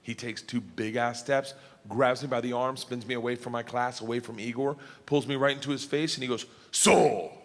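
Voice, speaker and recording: A male comedian telling a story on stage, loud and animated, laughing through it. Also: mid-range voice, a little fast. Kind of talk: stand-up storytelling. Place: theater stage. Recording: live hall with faint crowd noise. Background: faint audience.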